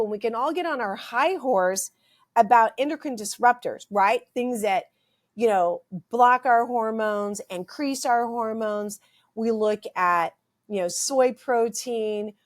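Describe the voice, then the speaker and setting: A middle-aged woman hosting a health podcast, ranting emphatically and repeating phrases, her throat a little dry. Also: a little high. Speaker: podcast host, health practitioner. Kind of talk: impassioned health podcast monologue.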